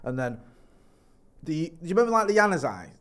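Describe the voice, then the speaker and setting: A man hosting a casual podcast, relaxed, often trailing off and reading out viewer comments. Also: fairly high pitch, brisk. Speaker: podcast host. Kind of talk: casual chat.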